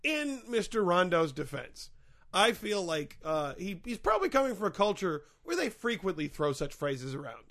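A man's voice: high voice, big pitch swings, moderate pace, a bit bright. A man co-hosting a comedic podcast in casual chat, rambling and hedging with lots of fillers. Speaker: podcast co-host.

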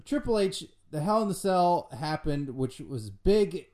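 A man's voice: on the high side, animated, measured pace, mellow. A man interviewing a comedic guest, playing it straight and laughing often.

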